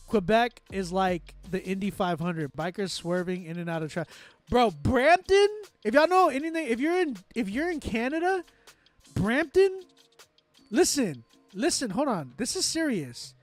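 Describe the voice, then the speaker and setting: A man from Texas with a Texan accent, hosting a casual chat and telling animated, self-mocking stories. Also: sits high, normal speed, faint music behind. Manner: animated storytelling, loud excited outbursts, self-mocking laughs. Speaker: host. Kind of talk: casual chat with live chat readers.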